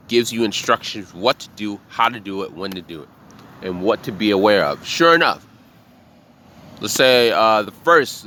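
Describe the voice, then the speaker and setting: Blunt, profane man with a bright voice. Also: on the low side. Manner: blunt, profane, animated storytelling. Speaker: bartender. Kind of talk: casual motivational monologue.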